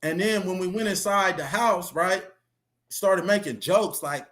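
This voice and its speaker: A man with a fairly high voice, talking in a loose, animated way and peppering his telling with slang and little fillers. He sounds like a guest sitting down for a relaxed interview. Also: measured pace. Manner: chatty, animated retelling with street slang and fillers. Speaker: interview guest, former reality show contestant. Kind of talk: casual storytelling interview.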